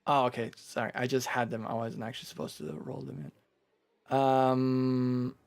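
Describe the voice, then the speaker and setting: A man running a tabletop game as game master. He explains the rules step by step in a relaxed way. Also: mid-range voice, normal speed, gravelly. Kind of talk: narrating and ruling a tabletop game.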